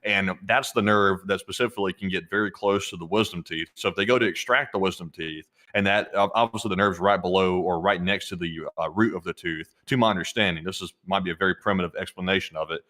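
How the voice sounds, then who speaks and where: Fast-talking man, lower voice. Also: bright, forceful tone. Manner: rambling, many fillers and restarts. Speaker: co-host of a live stream. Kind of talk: casual chat.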